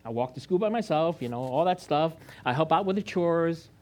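A man's voice: on the high side, animated, a little fast, a little mellow. A man from China, a pastor, giving a personal testimony sermon, earnest and confessional, often restarting and rising in emphasis.

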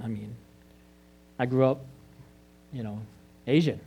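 A man's voice: mid-range voice, slow pace, gravelly, long pauses, warm tone, husky. A man from China, a pastor, giving a personal testimony sermon, earnest and confessional, often restarting and rising in emphasis.

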